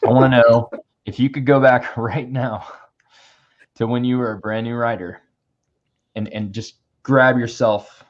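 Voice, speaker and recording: Playful male host, mid pitch, slightly muffled video-call sound. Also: fairly even intonation, unhurried, long pauses. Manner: jokey, playful questioner. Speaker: panel host. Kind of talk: casual video call chat. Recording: slightly dull lo-fi call audio.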